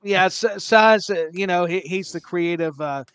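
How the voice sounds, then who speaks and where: A man's voice: high-pitched, a little slow, a crowd in the background. Chatty self-mocking male podcast co-host. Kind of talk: casual chat.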